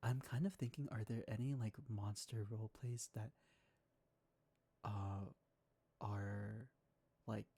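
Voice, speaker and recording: A man with a Southern American accent hosts a casual chat on his stream, easygoing and quick to laugh. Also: lowish voice, fairly even intonation, warm tone. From Southern United States. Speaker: ASMR streamer host.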